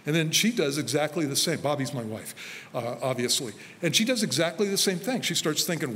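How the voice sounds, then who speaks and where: A man preaching a sermon as pastor, telling personal stories in a relaxed conversational way. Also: a little high, fairly quick. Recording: faint hall reverb with light noise.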